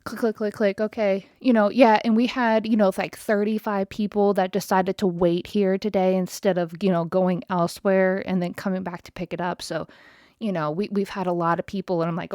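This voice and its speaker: A woman in her thirties tells her story as a podcast host, swearing freely and sounding thoroughly exasperated. Her voice sits at an ordinary middle pitch. The sound is dry and close, with no room echo. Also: flat delivery, moderate pace, a little mellow. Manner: profane, exasperated, talks straight to listeners. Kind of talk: casual storytelling rant.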